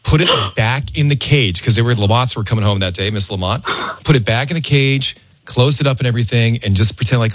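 A man hosting a radio call-in show, telling a story in an animated way and acting out the people in it. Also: mid-range voice, fairly quick, no echo, faint music behind. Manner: animated storyteller, acts out quotes. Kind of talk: casual radio chat and storytelling.

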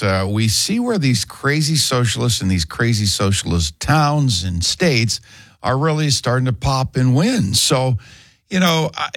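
A man's voice: medium pitch, fairly bright tone, no room sound, clean studio sound. A man hosting morning talk radio, folksy and opinionated as he sets up a guest.

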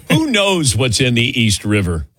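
A man in his sixties hosting a sports call-in radio show, chatty and quick to laugh as he takes callers. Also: medium pitch, huge pitch swings, fairly bright tone. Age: 60s. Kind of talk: casual call-in radio chat.

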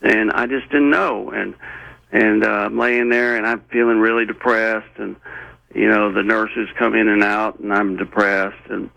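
A man as an interview guest, telling a personal story in an earnest, rambling way with many halting restarts. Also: fairly low pitch, little pitch movement, vocal fry, bright, forceful tone, no echo, highs cut off.

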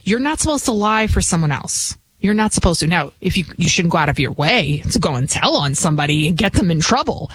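A woman's voice: on the low side, sing-song, fairly quick, few pauses, breathy edge, no echo. A woman from the Bronx with a New York accent, hosting a talk radio show in a chatty, rambling, emphatic monologue. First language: not English. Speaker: guest radio host.

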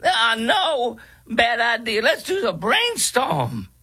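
A man mockingly imitating a woman in a high falsetto, sarcastic and sing-song. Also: huge pitch swings, slow pace, bright, forceful tone, breathy edge, exaggerated voice. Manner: sarcastic parody. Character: mocking shrill woman chirping office jargon.

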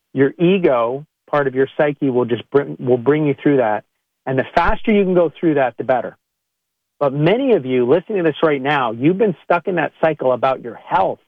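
Animated man with a phone-like sound. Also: dry recording. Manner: animated, acts out quoted patients in a higher voice. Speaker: chiropractor hosting a health podcast. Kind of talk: casual health monologue to listeners. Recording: narrow phone-like sound, dry.

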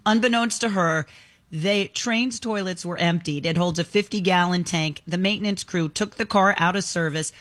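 A woman's voice: lowish voice, normal speed, a bit bright. A woman reading news items on a morning show, telling each story in a chatty, conversational way while outdoors. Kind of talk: casual news chat. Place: outdoors in the sun.

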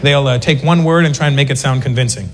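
A man performing a live stand-up routine, animated and slipping into voices to mimic people. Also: medium pitch, fast. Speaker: stand-up comedian. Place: live comedy venue. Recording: long hall reverb, clear ambient noise.

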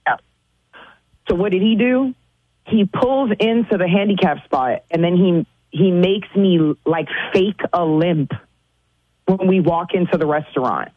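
A woman's voice: fairly low pitch, measured pace, slightly rough, no echo, narrow, tinny audio. A woman on a radio show telling an embarrassing date story, hesitant and restarting often. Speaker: caller.

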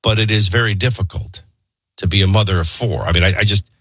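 Husky-voiced male talk radio host. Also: lowish voice, fast, fairly bright tone, no echo, clean studio sound. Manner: opinionated, conversational, filler-heavy. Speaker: radio morning show host. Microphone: studio microphone.

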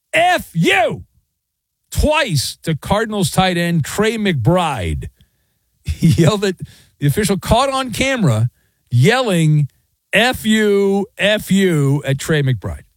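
A man's voice: sits high, a little slow, no room sound. A middle-aged man hosting a sports talk radio show, ranting in a sarcastic, mocking way. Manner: sarcastic, mocking, animated rants. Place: radio studio.

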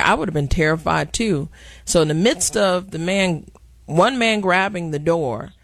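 A man with a gravelly, fry-edged voice that sits a little high, speaking as host of a news discussion. He lays out events in an earnest, emphatic way. The sound is dry and close, with no room around it. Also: fairly bright tone, dry recording.

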